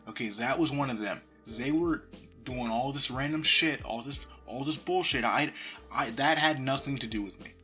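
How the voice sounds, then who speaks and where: A young man casually telling a profane story about his job, recorded on his phone, with lively swings into murmurs and whispers. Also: medium pitch, normal speed, soft background music. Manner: profane, animated retelling that drops to murmurs and whispers.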